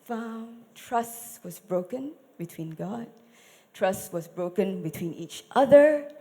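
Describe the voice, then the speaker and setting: At a church service, a woman with a medium-pitched voice tells a Bible story as a dramatic sermon. She's animated, poses questions to the audience, and drops to a whisper for effect.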